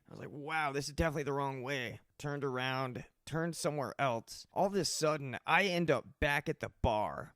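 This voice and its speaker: A man's voice: mid-range voice, no room sound, clean studio sound. Rambling man telling a raw story. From Colorado. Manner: rambling, animated, acts out other people's voices in quotes. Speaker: podcast host telling his recovery story. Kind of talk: casual storytelling monologue.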